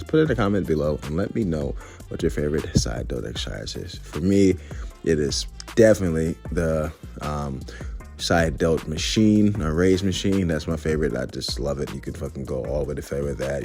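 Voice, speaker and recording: A man's voice: very deep voice, dark tone. A young man chatting casually and cursing freely while working out in a gym, upbeat and talkative. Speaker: fitness vlogger. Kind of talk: casual workout vlog talk.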